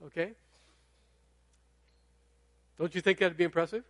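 A man's voice: a little high, lively intonation, moderate pace, a bit bright, dry recording. A middle-aged man preaching a sermon in a conversational way, often checking in with the audience. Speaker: pastor.

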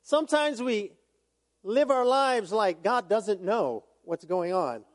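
Pastor, male, very high voice, loose conversational sermon with jokes; big echoing church hall. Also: lively intonation, takes it slowly. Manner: conversational preaching with asides and humor. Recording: long hall reverb.

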